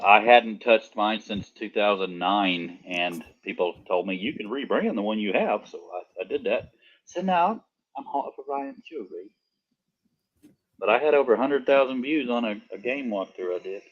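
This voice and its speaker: A man's voice: on the low side, moderate pace, muffled recording. A man chatting casually on a livestream call, telling stories and laughing often. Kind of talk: casual chat.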